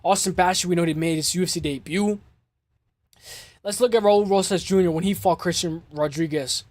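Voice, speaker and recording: A man hosting a casual MMA show, breaking down fights in an excitable way, swearing and repeating himself. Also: sits high, fairly quick, dry recording. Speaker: MMA podcast host.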